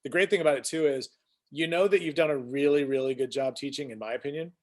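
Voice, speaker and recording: A man's voice: fairly high pitch, fast talker. A man hosting a casual weekly live stream, rambling as he greets viewers by name and shares news. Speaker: host.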